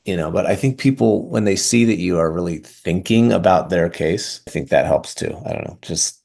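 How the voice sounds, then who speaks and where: Low gravelly man talking shop. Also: moderate pace. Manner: relaxed, reflective, frequent "you know" fillers. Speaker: oral surgeon guest. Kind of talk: conversational podcast interview.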